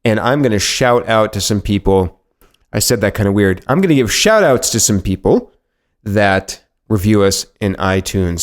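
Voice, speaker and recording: An upbeat man from Massachusetts hosting a marketing podcast, introducing the episode and chatting with his guest in a self-deprecating way. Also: fairly low pitch. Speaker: podcast host.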